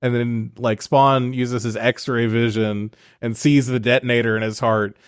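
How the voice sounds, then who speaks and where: A mid-pitched man riffs on a movie plot with animated disbelief and frequent laughter. He sounds close and dry on the mic, with no room echo. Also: unhurried, clean tone. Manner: animated and laughing, incredulous riffing. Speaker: podcast co-host. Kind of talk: casual movie recap chat.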